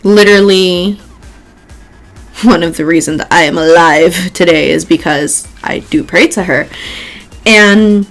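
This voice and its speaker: A Mexican woman hosting a casual vlog, chatting while doing her makeup. She talks chattily, swears often, laughs a lot and mixes in Spanish words. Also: medium pitch. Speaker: host and tarot reader.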